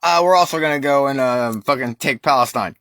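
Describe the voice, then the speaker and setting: A man's voice: medium pitch, fairly quick, a bit bright, dry recording. An American man delivering a heated, profane ranting monologue with emphatic, crude language. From United States. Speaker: vlogger.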